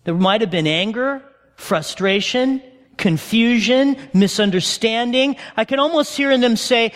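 A man preaching a sermon as a pastor, telling the story in an animated way and calling his listeners friends. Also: very high voice, unhurried. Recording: long reverb of a large hall.

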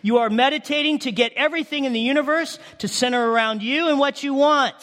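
A man preaching a sermon, animated, with rhetorical questions, sudden shouts and hushed asides. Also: very high voice, fast talker. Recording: long hall reverb.

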